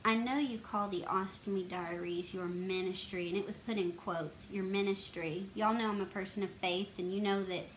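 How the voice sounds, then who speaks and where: A woman's voice: mid-range voice, a bit bright, poor audio. A woman talks straight to her viewers, open and emotional as she tells a painful personal story. Her voice sits in a middle range. A faint hiss of background noise runs under her words. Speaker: health advocacy vlogger.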